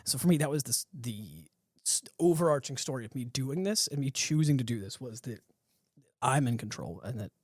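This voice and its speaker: A man hosting a podcast, telling a story with animated energy, swearing and laughing. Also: mid-range voice, moderate pace, slightly rough, dry recording, studio quality. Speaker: podcast host. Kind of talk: casual chat.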